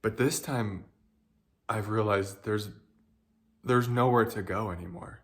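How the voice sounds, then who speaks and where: Earnest man with a lowish voice. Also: measured pace, a bit bright. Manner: earnest, emotional, searching for words. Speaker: spiritual guide. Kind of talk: heartfelt personal reflection.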